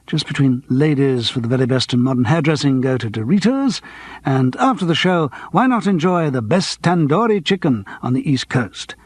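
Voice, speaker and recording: Man doing a pompous but self-mocking old-school actor, husky voice, lively pitch. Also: moderate pace, no room sound, close to an everyday voice. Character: theatrical middle-aged male stage actor, self-mocking.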